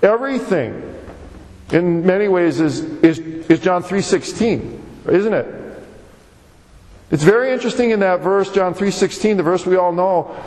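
A man's voice: sits high, lively intonation, measured pace, pauses often, a little mellow. A man preaching a sermon as pastor, with an emphatic, repetitive cadence. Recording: long hall reverb.

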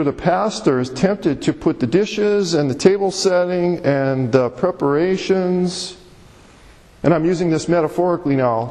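A male pastor preaching an expository sermon, telling stories in an animated way and repeating phrases for emphasis. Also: fairly high pitch. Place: church sanctuary. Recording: long hall reverb.

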